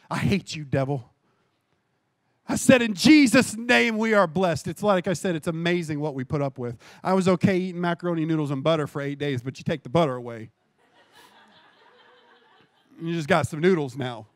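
Male pastor, high pitch, dry close sound; lively sermon testimony, repeats phrases for emphasis. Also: no echo.

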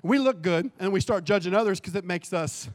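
A man giving a sermon as pastor. He talks casually and corrects himself, then builds to impassioned shouting. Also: high-pitched, brisk, dry recording, clean studio sound. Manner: impassioned preaching that swells to shouting; conversational and self-correcting, with jokes.

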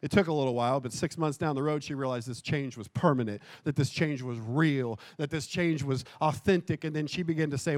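A man giving a sermon as pastor. He talks casually and corrects himself, then builds to impassioned shouting. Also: on the high side, brisk, few pauses, dry recording, clean studio sound. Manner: impassioned preaching that swells to shouting; conversational and self-correcting, with jokes.

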